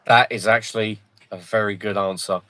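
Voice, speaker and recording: A man hosting a casual livestream, joking, swearing and excitedly retelling film scenes. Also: fairly low pitch, moderate pace, dry recording. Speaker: livestream host.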